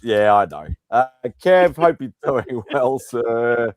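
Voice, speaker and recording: A man hosting a live pop-culture hangout stream, greeting viewers by name in a relaxed, chuckling way. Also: mid-range voice, slow pace, dry recording, studio quality. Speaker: host. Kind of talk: casual live-stream chat.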